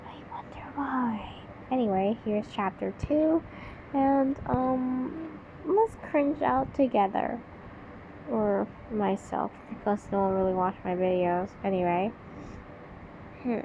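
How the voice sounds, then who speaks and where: A woman's voice: fairly high pitch, takes it slowly. Woman with a childlike voice, mocking. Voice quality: childlike-sounding voice. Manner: mocking, incredulous asides. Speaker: channel host reading a story. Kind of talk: sarcastic reading commentary. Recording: dull lo-fi with faint hiss.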